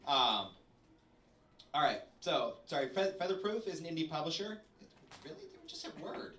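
Chatty event host, roomy and distant. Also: male voice, on the high side, very animated, moderate pace, bright, forceful tone. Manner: chatty and loose, with fillers and self-corrections. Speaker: host of a reading night. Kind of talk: casual live introductions. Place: event venue with an audience. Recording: roomy, distant live recording with crowd.

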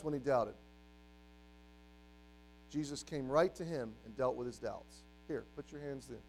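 A man in his forties preaching a sermon as youth pastor, animated, acting out quoted voices and swinging between loud and hushed. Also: mid-range voice, a little hiss or hum, poor audio.

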